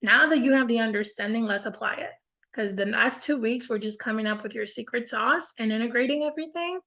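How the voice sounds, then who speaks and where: A woman leads a casual group coaching call, upbeat and encouraging, often saying "like" and "y'all". Her voice sits fairly high. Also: a little fast, sharp tone.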